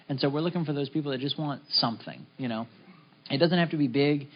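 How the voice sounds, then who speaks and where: A man's voice: fairly high pitch, fast. A middle-aged man giving a casual, upbeat motivational talk to his business team, acting out little conversations as he goes. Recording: slightly dull lo-fi recording.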